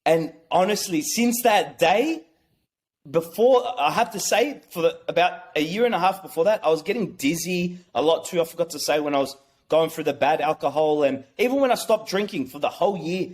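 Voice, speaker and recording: A young man telling a personal story as a podcast guest, excited and swearing, often restarting his sentences. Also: fairly high pitch.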